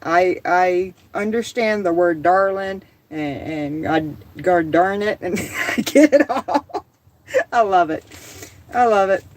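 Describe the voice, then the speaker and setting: A woman's voice: on the low side, lively intonation, slow, slight background noise, low-quality recording. A middle-aged woman from the American South with a Southern accent, hosting a casual livestream, chatting, reading viewer comments aloud and laughing easily. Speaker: livestream host.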